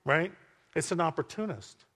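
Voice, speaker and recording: A man preaching a sermon to a congregation, animated and full of call-outs to the listeners. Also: a little high, normal speed. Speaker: pastor. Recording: long hall reverb.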